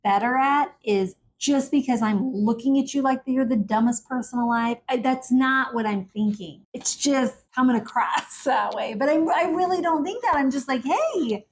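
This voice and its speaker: Woman co-host, candid and reflective, pitched a bit high, faint hiss behind. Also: moderate pace, hardly any pauses. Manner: reflective and candid, talks things through. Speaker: podcast co-host. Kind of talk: casual couple's conversation.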